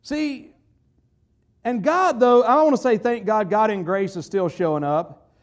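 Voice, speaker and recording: High-voiced man preaching a conversational sermon. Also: unhurried. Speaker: pastor.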